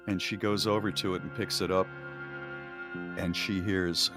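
A male radio co-host casually retelling a spooky TV episode, with animated acted-out quotes. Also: low-pitched, measured pace, over music.

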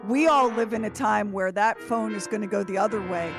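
A woman's voice: mid-range voice, a little fast, music in the background. A female radio co-host bantering casually with wry jokes.

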